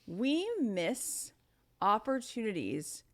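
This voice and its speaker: A middle-aged woman, a podcast guest and author, telling a personal story in casual conversation, animated and earnest, acting out other people's lines. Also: mid-range voice, slow. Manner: earnest, spiritual reflection.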